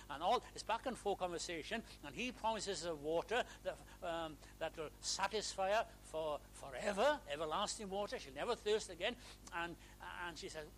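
Guy preaching a sermon, kinda high voice, earnest, gets fervent, faint hiss behind. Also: expressive, moderate pace, a bit bright, poor audio. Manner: earnest, building to fervent emphasis.

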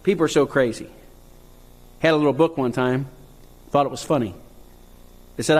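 Impassioned preacher in a reverberant hall. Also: male voice, moderate pace, long pauses. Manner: preachy, rising to impassioned high cries. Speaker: pastor. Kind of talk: sermon.

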